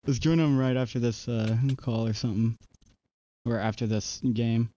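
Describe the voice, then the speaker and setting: A man's voice: medium pitch, steady tone, normal speed, dark tone, dry recording, highs cut off. A young man streaming a video game, chatting casually with a teammate, laughing often and easily rattled. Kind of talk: casual gaming chat.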